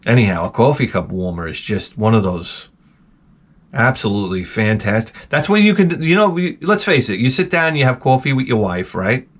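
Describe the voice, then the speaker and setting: A profane middle-aged man from Long Island, New York, hosts a rambling comic monologue, ranting at normal speed in a medium-pitched voice. His storytelling is animated and full of restarts.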